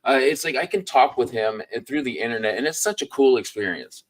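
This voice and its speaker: A man hosting a casual live-stream chat about books, easygoing and quick to laugh. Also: mid-range voice, expressive.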